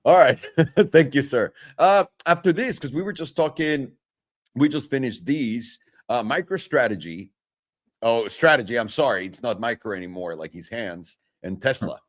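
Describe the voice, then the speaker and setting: A man's voice: medium pitch, expressive, normal speed. A man hosting a trading stream, chatting casually, joking and laughing often between comments. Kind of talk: casual chat and market commentary.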